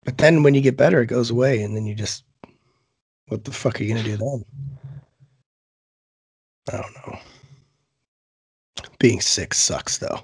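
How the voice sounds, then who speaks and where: Male co-host, hoarse from a cold, husky and gravelly, blunt and casual. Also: medium pitch, measured pace, pauses often, a little mellow, dry recording. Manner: swears a lot, loose and blunt. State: sick, hoarse. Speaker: podcast co-host. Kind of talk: casual chat.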